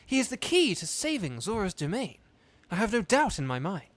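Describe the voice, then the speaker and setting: A man voicing an earnest young fish prince in a video game, speaking in an even, measured way. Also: high voice, voice pushed up. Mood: firm.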